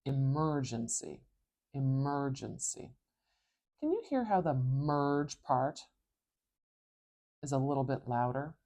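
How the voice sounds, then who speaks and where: Low, mellow-voiced woman pronunciation coach. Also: sing-song. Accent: North American English. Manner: patient, slowly models each sound aloud. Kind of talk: tutorial explaining phonetic transcription.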